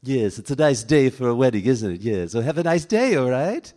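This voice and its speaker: A man's voice: mid-range voice, big pitch swings, brisk, darkish tone, in a large hall, natural voice. A man voicing a haughty baby boy with a prim, clipped, mock-polite manner. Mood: smug.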